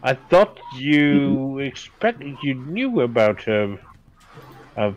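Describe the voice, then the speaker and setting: A man's voice: mid-range voice, big pitch swings, takes it slowly, highs cut off. A man playing a tabletop game, rambling and joking in casual chat. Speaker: player.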